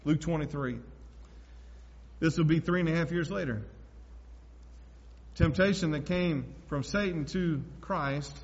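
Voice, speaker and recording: Male pastor, high-pitched and emphatic, preaching from the pulpit; recording is dull and lo-fi. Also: measured pace, pauses often. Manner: emphatic preaching, swinging between loud and hushed. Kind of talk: sermon. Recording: echoey hall, dull lo-fi sound.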